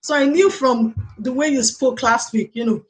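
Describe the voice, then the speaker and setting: High-voiced chatty woman hosting a live stream. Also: normal speed. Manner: chatty, repeats herself, peppered with "okay" and "you know". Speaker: live show host and early childhood lecturer. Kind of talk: casual live-stream chat reading viewer comments.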